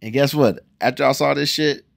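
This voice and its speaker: The host, a 40-year-old man from Ohio with an American accent, reacts casually to a music video, alternating between exclamations at full volume and under-the-breath asides. His mid-range voice is fairly quick and creaky, recorded at studio quality with no room sound.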